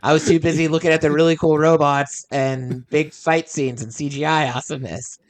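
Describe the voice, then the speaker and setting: Male comedian guest, a touch higher voice, dry laid-back quips in casual chat. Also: steady tone, brisk. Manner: wry, laid-back quips, laughs along.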